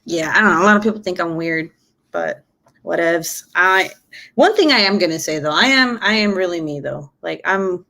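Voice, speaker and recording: A woman's voice: fairly low pitch, lively intonation, moderate pace, creaky, bright, forceful tone. A woman in her twenties chatting casually on her live stream, cussing freely and laughing often. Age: 20s. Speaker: YouTuber.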